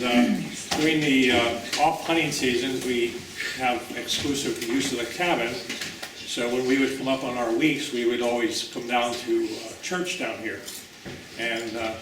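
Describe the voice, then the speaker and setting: A man shares memories at a memorial luncheon, wandering through his stories with plenty of ums and restarts. His voice sits in the middle range and comes from a distance in an echoey room, with steady background noise. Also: medium pitch. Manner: rambling, warm storytelling with fillers. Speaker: memorial speaker. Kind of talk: personal remembrance at a luncheon.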